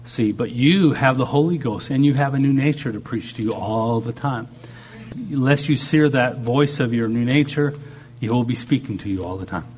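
A man's voice: mid-range voice, moderate pace, darkish tone, slight background noise. A man preaching a sermon, shifting dramatically in tone and acting out the voices he quotes. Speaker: pastor.

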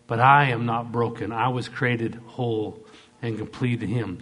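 Man preaching an emphatic sermon. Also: medium pitch. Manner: emphatic preaching, leads call-and-response. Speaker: pastor.

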